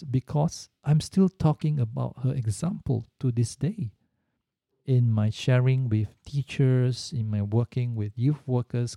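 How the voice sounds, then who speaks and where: Slow gravelly-voiced man telling a story. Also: mid-range voice, warm tone, dry recording, studio quality. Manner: earnest, reflective, with repetitions for emphasis. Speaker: speaker. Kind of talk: storytelling talk.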